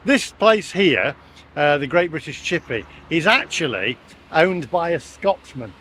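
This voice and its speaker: A man's voice: fairly high pitch, big pitch swings, measured pace, a bit bright, a little hiss or hum. A man vlogging cheerfully outdoors in the heat, chatty and laughing often. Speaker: travel vlogger. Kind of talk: upbeat vlog chat. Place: outdoors in hot weather.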